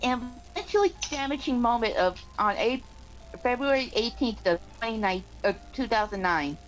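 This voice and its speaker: A woman reading a text aloud on a casual stream, halting and restarting as she goes. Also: on the high side, expressive, soft background music, low-quality recording.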